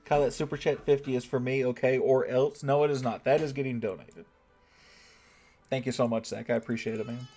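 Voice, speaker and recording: A man's voice: mid-range voice, steady tone, a little fast, dark tone, soft background music. A man from the United States streaming a strategy game, chatting casually and thanking viewers in chat by name. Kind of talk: casual livestream commentary.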